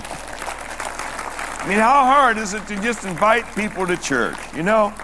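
A man preaching as a pastor, telling a story animatedly and acting out the dialogue as his excitement builds. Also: sits high, slow pace, pauses often, some chatter behind, slight background noise. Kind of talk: sermon. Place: church sanctuary. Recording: long reverb of a church hall.

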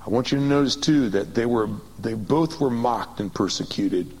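A man preaching a sermon, swinging from excited high bursts to quiet low reading, calling on the congregation to repeat after him. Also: moderate pace, slightly rough, poor audio. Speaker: pastor.

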